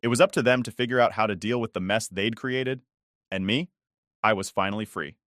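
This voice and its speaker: A man narrating a first-person online story in a measured, steady reading. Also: fairly low pitch, dry recording, studio quality.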